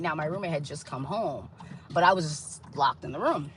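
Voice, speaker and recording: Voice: mid-range voice, animated, fairly quick, background noise. A podcast host giving a candid personal testimony, acting out the voices of the people in the story. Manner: candid, acts out quoted dialogue.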